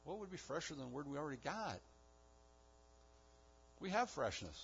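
A man's voice: a little high, sing-song, moderate pace, vocal fry, fairly bright tone, slight background noise. A man preaching a sermon, building emphasis with repeated phrases. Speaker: pastor. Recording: dull lo-fi recording.

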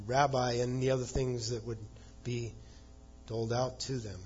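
A man's voice: mid-range voice, level tone, moderate pace, darkish tone, breathy edge, muffled recording. A man preaching a sermon, explaining scripture conversationally and acting out quoted lines with a chuckle. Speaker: pastor.

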